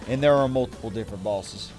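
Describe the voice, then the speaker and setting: A man with a fairly low voice hosts a casual game stream, talking in a loose, rambling way and often restarting his sentences. He greets each viewer by name between races. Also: fast talker, music in the background. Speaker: streamer hosting a game session. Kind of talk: casual gaming stream chat.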